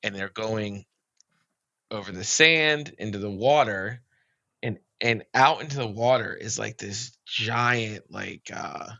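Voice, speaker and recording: Gravelly, bright-toned man telling a story. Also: on the low side, slow pace, no room sound, highs cut off. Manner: rambling, full of "like" and "you know". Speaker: podcast guest. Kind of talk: casual storytelling.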